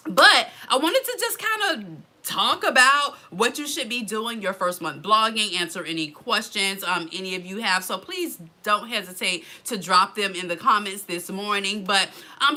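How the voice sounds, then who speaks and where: A woman chatting on a live stream. Her voice is very bright and sharp, and she keeps calling out to viewers, saying "girl" and "y'all" in a friendly, casual way. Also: medium pitch, big pitch swings, moderate pace. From Florida. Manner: chatty, greets commenters by name, says "girl" and "y'all". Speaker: blogger hosting a live stream.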